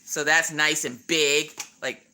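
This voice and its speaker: A woman's voice: low voice, fairly even intonation, takes it slowly, bright, forceful tone, a little hiss or hum. A woman hosting a casual craft livestream, playfully greeting chat viewers by name and joking with them as she unboxes.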